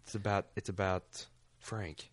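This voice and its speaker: Wry low-voiced man on a podcast. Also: little pitch movement, unhurried. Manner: wry, jokey, slightly low-key. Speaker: podcast co-host. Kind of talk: casual recap chat.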